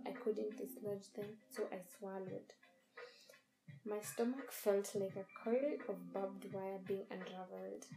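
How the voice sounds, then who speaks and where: A woman reading a first-person horror story in a measured, dramatic storytelling manner. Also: medium pitch, creaky, dark tone, low-quality recording. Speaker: narrator.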